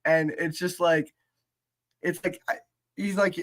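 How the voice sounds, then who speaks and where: A man chatting casually as a podcast co-host, talking haltingly with lots of fillers and restarts. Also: high voice, steady tone, fairly bright tone. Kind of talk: casual chat about writing rap lyrics.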